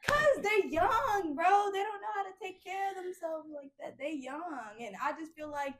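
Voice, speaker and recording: A woman's voice: sits high, moderate pace. Blunt, profane woman with AAVE speech. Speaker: podcast host. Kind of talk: casual chat.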